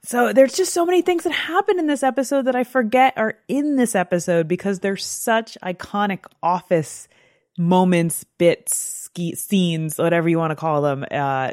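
A woman with a notably low voice co-hosts a chat podcast with lively enthusiasm and frequent laughter. The sound is dry and close, with no room echo. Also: normal speed. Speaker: podcast co-host. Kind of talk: casual chat.

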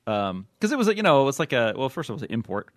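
A man's voice: medium pitch, very animated, fast, no room sound, studio quality. A man hosting a podcast in casual chat, rambling and joking with many restarts. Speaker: podcast host.

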